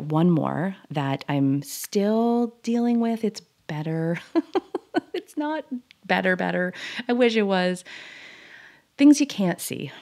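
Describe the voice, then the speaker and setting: A woman's voice: lowish voice, warm tone. A woman in her thirties hosting a personal monologue, earnest and confessional, often laughing at herself. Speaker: host.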